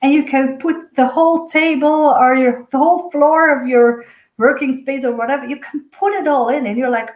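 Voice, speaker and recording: A woman's voice: sits high, moderate pace, echoey room, rough recording. A woman, a native Dutch speaker, giving a rambling, chatty spiritual guidance talk as an intuitive reader, laughing often.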